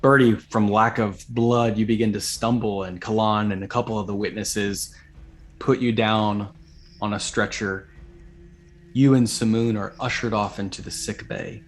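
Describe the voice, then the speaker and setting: Low-voiced man narrating as dungeon master. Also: fairly even intonation, slight background noise. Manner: measured storytelling, voices the characters briefly. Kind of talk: narrating a tabletop game.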